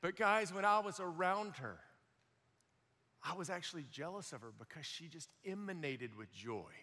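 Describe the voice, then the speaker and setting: High bright guy preaching a sermon, lots of "and, and" restarts, big echoey hall. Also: moderate pace. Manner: animated storytelling, acts out quoted voices, stammering restarts. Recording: long hall reverb.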